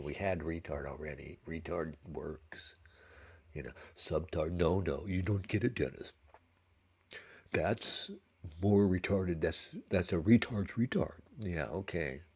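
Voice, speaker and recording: Man, livestream co-host, ranting, husky, low-pitched, sarcastic. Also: normal speed, darkish tone. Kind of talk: casual livestream commentary.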